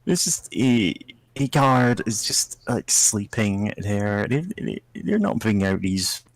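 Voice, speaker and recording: A man's voice: on the low side, slow, dry recording, rough recording. A man narrating a tabletop role-playing game as game master, improvising with rambling, hesitant phrasing. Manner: rambling, hesitant, many fillers.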